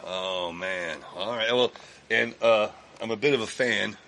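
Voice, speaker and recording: A man from Texas chats as a podcast guest in a studio. He spins long, rambling stories, swearing freely and circling back with plenty of "uh"s, in a lowish voice with a bright, forceful edge. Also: a little slow, gravelly, slight background noise. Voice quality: profane, animated storyteller with lots of fillers. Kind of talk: casual storytelling chat. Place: recording studio.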